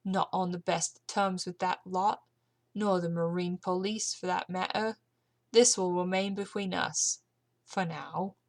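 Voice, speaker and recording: A woman voicing a menacing, smirking male villain who speaks with slow, mocking politeness. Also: lowish voice, steady tone. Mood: smug. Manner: sly, unhurried, mocking politeness.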